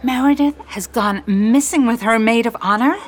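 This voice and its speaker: A woman's voice: a little high, moderate pace, pitched above the performer's own voice, natural voice. A woman narrator voicing an eager, chatty young woman who is romantic and stubborn. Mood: curious.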